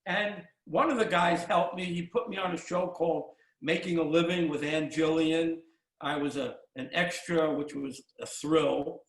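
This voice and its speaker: A man in his sixties hosting a casual interview, telling stories in a rambling, halting way with many restarts. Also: a little high, fairly even intonation, creaky. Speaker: podcast host. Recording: roomy echo.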